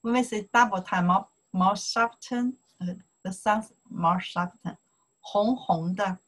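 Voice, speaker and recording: Mandarin-native woman tutor with a Chinese accent, unhurried and a little breathy, drilling phrases over and over. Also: mid-range voice, fairly bright tone, low-quality recording. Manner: slow, repetitive, drills pronunciation in Mandarin and broken English. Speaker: Chinese language teacher. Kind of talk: casual online language lesson.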